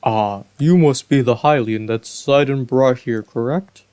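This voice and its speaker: A man voicing an aged, huge male fish-folk king in a video game, speaking formally and slowly. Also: mid-range voice, a little mellow, clear, resonant tone, natural voice. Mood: regal. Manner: formal, stately, slow and courtly.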